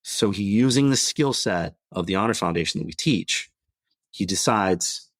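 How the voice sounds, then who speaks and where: A man with a very deep voice, telling lively stories on a podcast and acting out what people said. The sound is dry and close, with no room echo. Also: normal speed. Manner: animated storyteller, acts out quoted dialogue. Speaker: podcast guest, veterans' transition program executive. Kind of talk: casual storytelling interview.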